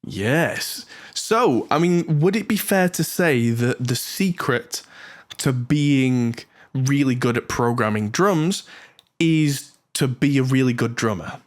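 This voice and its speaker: A male host chatting casually with a guest, joking and throwing in quick asides. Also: mid-range voice. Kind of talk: casual video-call chat.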